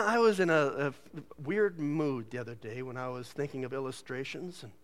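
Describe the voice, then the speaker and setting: A man preaching a sermon in a church, joking and laughing often and putting on voices when he quotes people. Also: on the high side. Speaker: pastor. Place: church sanctuary.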